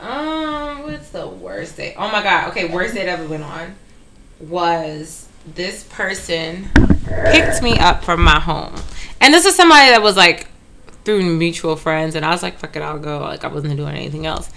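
A woman from Brooklyn telling a bad-date story in casual chat, lively and blunt, with quick bursts. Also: on the low side, a little hiss or hum.

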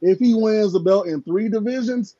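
A man's voice: sits high, moderate pace, dark tone, slightly rough, no echo, lo-fi sound. A man co-hosting a sports podcast, chatting casually and telling rambling stories packed with filler words.

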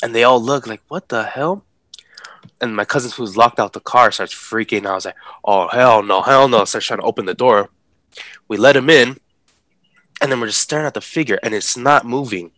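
A man telling a story in a relaxed, animated way, acting out the people in it and laughing as he talks. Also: mid-range voice, fairly quick, dry recording. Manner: animated, acts out the voices of people in his story; laughs while talking. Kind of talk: casual storytelling.

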